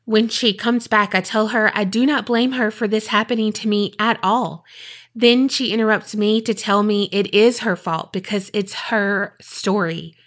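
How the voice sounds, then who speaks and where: A woman's voice: medium pitch, fairly even intonation, unhurried, fairly bright tone. Young adult woman, podcast co-host; earnest letter reading, teasing banter. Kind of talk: reading a listener letter aloud.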